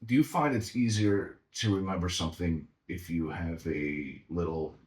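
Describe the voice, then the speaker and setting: A man hosting a relaxed podcast interview, asking long rambling questions full of fillers. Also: low voice, moderate pace. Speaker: podcast host. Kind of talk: casual interview chat. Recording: roomy echo.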